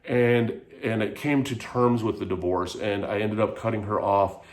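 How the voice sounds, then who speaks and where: Low-voiced man telling a raw personal story. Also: moderate pace. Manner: frank and emotional, rambling with repeated "like". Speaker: vlogger.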